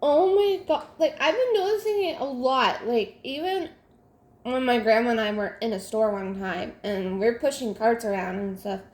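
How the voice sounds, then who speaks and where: Young woman, exasperated chatty crafter, highish voice, roomy echoey room. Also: moderate pace. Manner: venting, exasperated, many fillers and restarts. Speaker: crafting vlogger. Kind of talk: casual chat while crafting. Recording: roomy echo.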